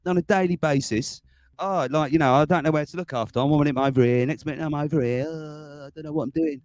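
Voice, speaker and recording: A man in his forties hosting a casual livestream chat, chatty and excitable, laughing often. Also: medium pitch. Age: 40s. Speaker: livestream host.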